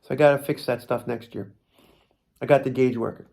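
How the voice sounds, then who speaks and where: A man's voice: medium pitch, steady tone, a little fast, gravelly, a little mellow. A man with a New Jersey accent telling a funny story in a rambling, self-mocking way with many restarts. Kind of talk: casual comic storytelling.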